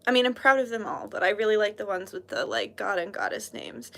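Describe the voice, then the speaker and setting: A woman's voice: mid-range voice, a little fast, gravelly, fairly bright tone. A British woman hosting a casual livestream, chatting in a bubbly, giggly, gushing way. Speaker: livestream host showing handmade jewelry.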